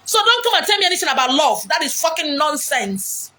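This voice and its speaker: A woman with a Nigerian Igbo accent giving blunt, forceful relationship advice outdoors, mixing English, Pidgin and Igbo. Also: high voice, sing-song, brisk. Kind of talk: outdoor monologue. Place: beach outdoors.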